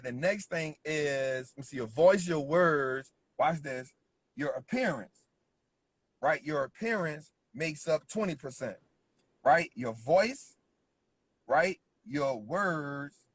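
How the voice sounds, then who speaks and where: Emphatic husky man coaching on business. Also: on the high side. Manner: emphatic, repeats points with constant "right?" check-ins. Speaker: business speaker. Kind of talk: motivational business talk.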